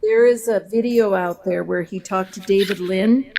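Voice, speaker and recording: A woman's voice: mid-range voice, moderate pace, creaky, a crowd in the background. A woman guest in a casual podcast chat, earnest and making suggestions. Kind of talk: casual group chat on a call.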